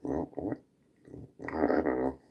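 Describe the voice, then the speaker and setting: A man's voice: rumbling low, unhurried, creaky, husky, highs cut off. A man hosting a casual talk show, telling a rowdy story with laughter and swearing. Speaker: podcast host.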